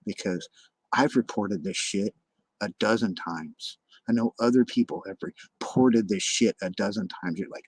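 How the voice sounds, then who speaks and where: A man's voice: lowish voice, measured pace, no echo, rough recording. A man ranting on a livestream, bitter and accusatory, swearing constantly and often restarting or repeating his words.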